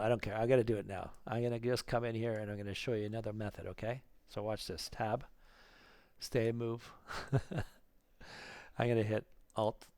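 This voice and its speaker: A man teaching 3D modelling in a screen-recorded tutorial, thinking aloud, counting clicks under his breath and getting excited at the results. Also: on the low side, vocal fry, no room sound. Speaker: 3D modelling instructor.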